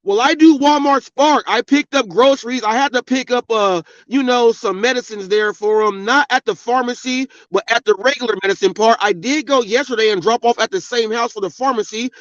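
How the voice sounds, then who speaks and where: A man's voice: very high-pitched, brisk, hardly any pauses, fairly bright tone, no echo. A middle-aged man hosting a podcast, delivering an angry, profane, preachy rant. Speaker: podcast host. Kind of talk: ranting monologue. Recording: dull, lo-fi sound.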